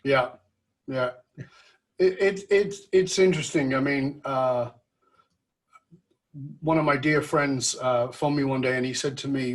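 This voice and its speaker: A man's voice: mid-range voice, measured pace, pauses often. A man hosting a podcast interview, telling stories animatedly and acting out the dialogue. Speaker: podcast host. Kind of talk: conversational interview.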